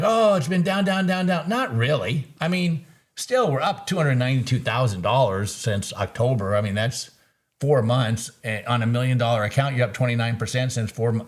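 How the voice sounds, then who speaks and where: A man hosting a live trading-desk recap, easily excited and quick to laugh. He talks in a casual, chatty way at a middle pitch, full of folksy sayings. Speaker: trader and show host.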